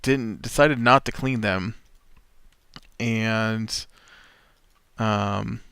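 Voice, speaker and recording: Smooth-voiced man rambling over gameplay. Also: on the low side, fairly even intonation, extremely slow, fairly bright tone, no room sound. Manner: rambling, full of uhs and restarts, wry. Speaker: let's play host. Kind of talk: casual storytelling while playing a game.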